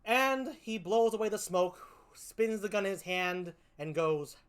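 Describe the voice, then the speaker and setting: A woman's voice: medium pitch, measured pace, clean tone. A woman comedian doing a stand-up routine, profane, exasperated and mocking as she picks apart a film.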